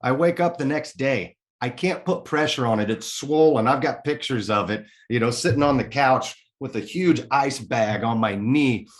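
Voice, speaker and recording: A man's voice: medium pitch, normal speed, hardly any pauses. A man as a podcast guest, telling a personal story in a candid, earnest way and swearing casually.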